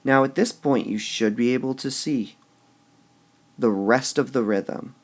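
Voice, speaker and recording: A man teaching poetic meter in a recorded lesson, slowly sounding out syllables and muttering to himself as he marks the stresses. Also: mid-range voice. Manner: slow and deliberate, sounding out stressed syllables, drops to a mutter when writing.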